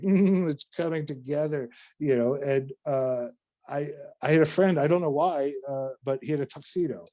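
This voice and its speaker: A man from North Carolina, a podcast guest, telling a long story in an animated, rambling way, with casual swearing and many restarts. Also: medium pitch.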